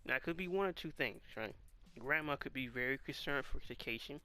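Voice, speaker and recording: A man's voice: mid-range voice, fairly quick, sharp tone, smooth. A man giving casual commentary on a comic chapter, exasperated and firing off rhetorical questions. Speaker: manga reaction host.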